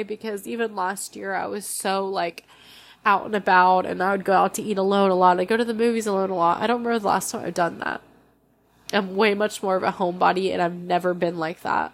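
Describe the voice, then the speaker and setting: Young woman, solo podcast host, raw and emotional, halting delivery, gravelly fry. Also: mid-range voice, fairly even intonation. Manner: candid, emotional, halting with restarts.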